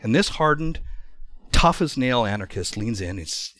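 A middle-aged man telling a personal story in a sermon, speaking in an animated, emphatic way with frequent restarts. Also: medium pitch, normal speed, no echo. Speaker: preacher.

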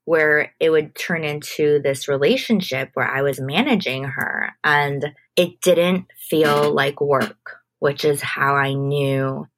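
A young adult woman, a guest in an interview, telling her story in a relaxed, casual way with frequent "like". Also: low-pitched, takes it slowly, hardly any pauses. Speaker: guest, entertainment manager.

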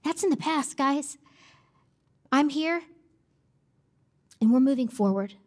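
A woman's voice: high voice, expressive, takes it slowly, darkish tone. A woman pastor preaching a sermon, emphatic and repeating key phrases for effect.

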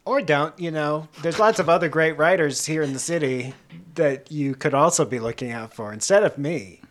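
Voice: mid-range voice, normal speed. A player in a tabletop role-playing game, speaking in a modest, hesitant way.

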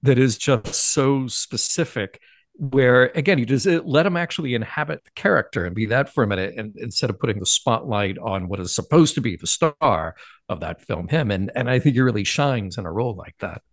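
A man's voice: medium pitch, expressive, a little fast, dry recording. A man co-hosting a podcast in casual chat, rambling with many fillers and restarts. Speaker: podcast co-host.

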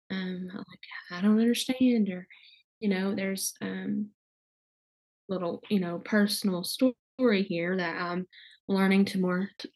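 A young woman guest speaking candidly in casual conversation, halting, with many fillers and restarts. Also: medium pitch, a little mellow.

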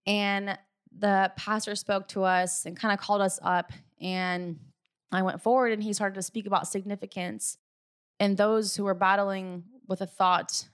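A woman's voice: medium pitch, flat delivery, unhurried, smooth. A young woman telling her viewers an earnest personal faith testimony, confiding and casual, with many asides to them. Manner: earnest and confiding, often says "you guys" and "like". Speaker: business team leader.

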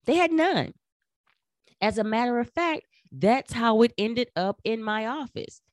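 A middle-aged woman giving career advice in an emphatic, animated talk, acting out quoted remarks. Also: fairly high pitch, moderate pace, no room sound, clean studio sound. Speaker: career coach. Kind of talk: instructional talk.

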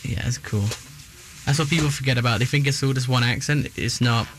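A man's voice: mid-range voice, brisk, fairly bright tone, slight background noise. A young man from England with an English accent, co-hosting a casual chat and rambling with many fillers. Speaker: co-host.

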